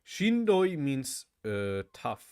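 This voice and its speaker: A man's voice: medium pitch, big pitch swings, unhurried, darkish tone, clean tone. Chatty man repeating words aloud. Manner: thinks aloud, repeats words, says "bro" often. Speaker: language learner vlogger. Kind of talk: casual study vlog.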